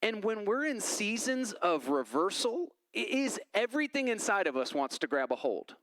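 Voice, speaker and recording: Male pastor, slightly higher voice, dry close sound, chatty animated sermon delivery. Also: normal speed, hardly any pauses, no room sound, rough recording. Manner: conversational, animated storytelling with quoted voices. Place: church.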